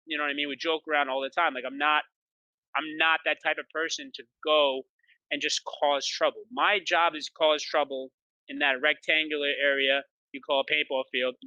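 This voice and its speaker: A man, a pro paintball player, chatting as a guest in an interview, telling boastful stories quickly and excitedly, with lots of "like". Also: on the high side, clean tone, dry recording, lo-fi sound. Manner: rapid, excited storytelling with many "like"s; boastful, trash-talking attitude. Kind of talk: animated interview chat.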